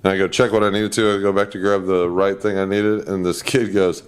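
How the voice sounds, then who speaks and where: A man's voice: fairly low pitch, steady tone, brisk, hardly any pauses, clean tone. A middle-aged man chatting casually on a podcast, telling stories with laughs and acting out voices. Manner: storytelling, acts out kids and himself in voices, laughs often. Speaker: podcast co-host. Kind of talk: casual chat.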